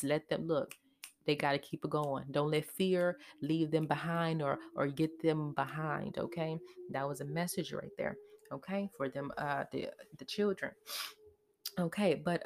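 A woman giving a casual tarot reading over a recording, reassuring the listener and tacking "okay?" onto nearly every phrase. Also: low voice. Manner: chatty and emotional, warm thanks. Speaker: tarot reader.

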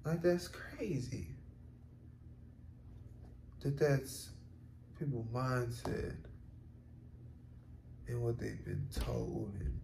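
A man muses aloud in a solo podcast, rambling and loose, leaning on fillers and casual swearing. His voice is low-set and mellow, with a gravelly edge, and he speaks at an unhurried pace. The room gives a noticeable echo. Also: lively intonation, slight background noise. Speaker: podcast host. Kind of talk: solo reflective podcast monologue. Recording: roomy echo.

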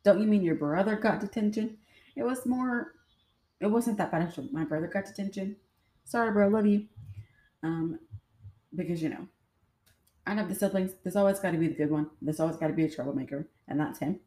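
Chatty woman telling stories, lowish mellow voice. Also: brisk, long pauses. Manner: chatty, addresses listeners directly. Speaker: podcast host. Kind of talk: casual storytelling. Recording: roomy echo.

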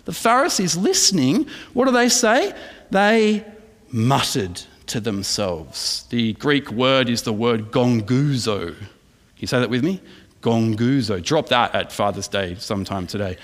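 A man's voice: medium pitch, animated, unhurried, fairly bright tone. Australian male pastor preaching in a hall. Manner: emphatic preaching, asks the congregation questions. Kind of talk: sermon.

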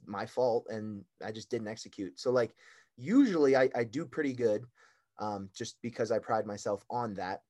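Excitable young man laughing through stories. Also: medium pitch. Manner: excitable storyteller who laughs often. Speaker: guest, competitive athlete. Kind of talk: casual chat.

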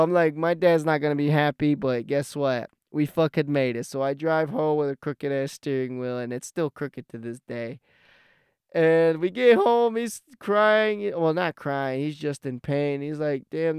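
A young man tells a story to camera in a loose, rambling way, cussing often. His voice sits a bit high for a man and comes through very clean. The recording is dry, with no room echo. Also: smooth. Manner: profane, rambling. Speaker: vlogger. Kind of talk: casual storytelling.

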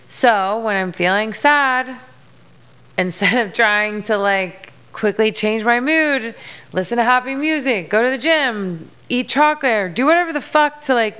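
Candid woman podcast host, gravelly. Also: medium pitch, a bit bright. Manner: frank and emotional, swears freely, many fillers. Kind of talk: candid personal monologue.

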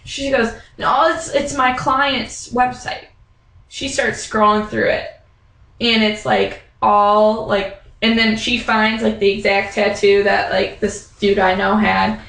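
In a gravelly, medium-pitched voice and at a slow pace, a young woman chats casually, bringing her story to life by performing the other people's voices and using frequent fillers such as "um" and "like." The recording is low quality and reverberant.

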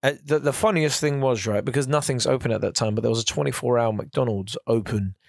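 A man's voice: medium pitch, a little fast, creaky, no room sound. Chatty young man, dry sound. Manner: chatty and animated, with slang and mock voices. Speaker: podcast host. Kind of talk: casual solo podcast chat.

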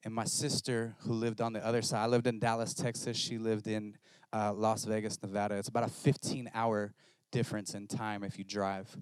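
A male pastor preaching a sermon, telling a story in an animated, self-mocking way. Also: on the low side, moderate pace, smooth, dry recording.

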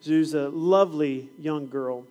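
Unhurried and fairly high-pitched, this middle-aged man preaches and also teaches fifth grade science. In his sermon he tells classroom stories, animatedly acting out each scene.

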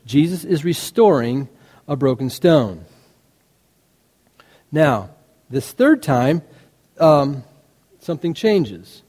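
A man delivers a sermon in a lively, storytelling way. His pitch rises and falls widely as he quotes the characters, pushing harder on the key lines. His voice rings out in a long hall reverb. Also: a little slow, pauses often. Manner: animated storytelling preacher, quoting dialogue with rising intensity. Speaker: preacher.

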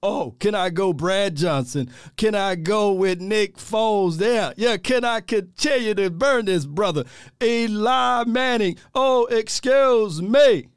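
High, smooth-voiced man ranting on sports. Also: a little slow, dry recording, clean studio sound. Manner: animated and exasperated, repeats phrases, laughs often; drawling, informal speech. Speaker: sports talk show host. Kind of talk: livestream sports commentary and reading viewer chats.

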